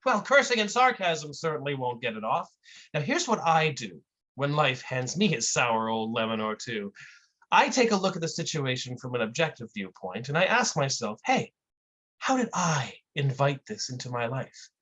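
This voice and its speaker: A performer voicing a smug bystander who lectures a trapped victim about self-help instead of helping, slow and condescending. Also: medium pitch, big pitch swings, fairly bright tone. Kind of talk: comic performance piece.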